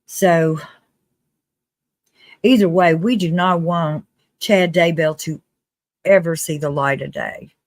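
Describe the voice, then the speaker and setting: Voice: medium pitch, fairly even intonation, no echo. Chatty, earnest live-stream host, dry sound. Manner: chatty, earnest, with restarts and quick laughs. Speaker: livestream host. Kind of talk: casual live commentary.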